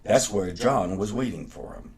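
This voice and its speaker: A man hosting a show and reading a folktale aloud in a lively, unhurried way. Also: on the low side, breathy edge. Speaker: podcast host and storyteller.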